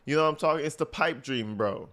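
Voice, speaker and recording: A man giving casual, profane reaction commentary, mocking and animated. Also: fairly high pitch, fast talker. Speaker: commentary host.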